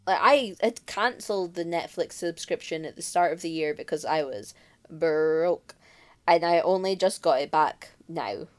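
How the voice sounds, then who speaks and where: Woman, podcast co-host, slightly low pitch, casual playful chat. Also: moderate pace, hardly any pauses. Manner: chatty, playful, trails off with fillers.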